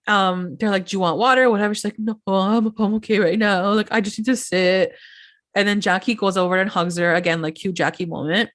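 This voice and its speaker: A woman's voice: mid-range voice, steady tone, fairly quick, fairly bright tone. A woman co-hosting a podcast, chatting casually through a reality-TV recap, acting out quotes and saying "like" a lot. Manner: chatty, acts out quotes, many "like"s, laughs often. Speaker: podcast co-host. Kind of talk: casual pop-culture recap chat.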